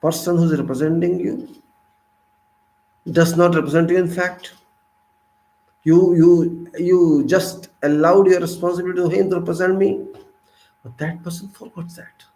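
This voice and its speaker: A man in his fifties with an Indian English accent, giving an impassioned monologue full of rhetorical questions, swinging between loud and soft. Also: high voice, fairly even intonation, normal speed, vocal fry, long pauses, echoey room, low-quality recording. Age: 50s. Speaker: civic commentator.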